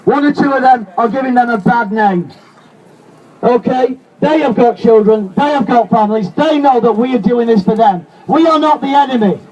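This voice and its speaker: A Lancashire man with a very high voice gives an impassioned anti-fracking speech at an outdoor protest, shouting repeated rallying cries to the crowd at a moderate pace. It was captured from a distance on a camera held among the crowd, so the sound is muffled and full of crowd noise.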